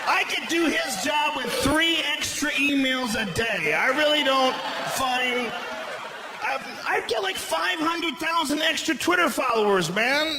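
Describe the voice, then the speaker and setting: A man performing a stand-up comedy set, loud and profane, shouting his punchlines. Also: very high voice, expressive, unhurried. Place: comedy club stage with a laughing audience. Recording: live club recording with audible crowd noise.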